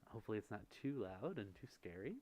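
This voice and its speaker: At a normal speed, a slightly low-voiced man hosts a calm ASMR livestream right up against the microphone. He goes through viewer messages one by one, responding softly to each.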